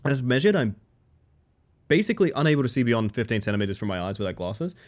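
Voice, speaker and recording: A young man from Australia, a streamer talking casually with his chat, animated and swearing freely. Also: mid-range voice, fast, background noise.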